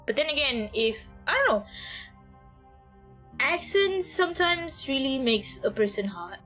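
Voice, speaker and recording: A woman's voice: high voice, big pitch swings, measured pace, bright, forceful tone, faint music behind. A young woman streaming a game, with giggly, rambling commentary and frequent laughter. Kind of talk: casual gameplay commentary.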